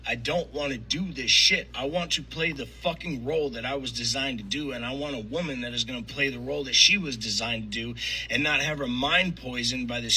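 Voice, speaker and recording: A man's voice: mid-range voice, sharp tone, slight background noise, poor audio. A man ranting angrily, swearing constantly and firing off rhetorical questions in an irritated tone. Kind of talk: angry profane rant.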